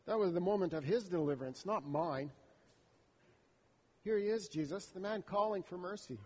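A man's voice: high-pitched, lively intonation, normal speed, a little mellow, husky. A man telling a story as a first-person dramatic monologue, in an intimate, reflective inner voice. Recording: long hall reverb.

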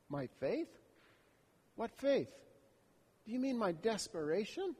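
A man's voice: high-pitched, very animated, slow, pauses often, a little mellow, slightly rough. A man telling a story as a first-person dramatic monologue, in an intimate, reflective inner voice. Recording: long hall reverb.

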